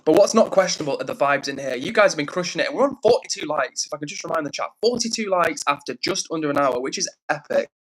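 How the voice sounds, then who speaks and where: An English man hosting a casual livestream, upbeat and chatty as he reads out comments and gives shout-outs. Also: fairly high pitch, expressive, fast, poor audio. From England. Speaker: livestream host.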